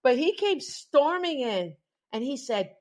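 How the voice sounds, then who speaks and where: This woman speaks a little slowly in a high voice as she co-hosts a laid-back podcast. Animated in her storytelling, she laughs often and dramatizes quotes in character voices.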